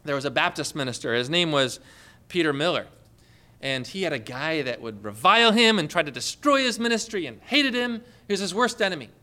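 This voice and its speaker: A man's voice: fairly high pitch, big pitch swings, brisk, bright, forceful tone. A man preaching a sermon, telling stories and rising into emphatic questions.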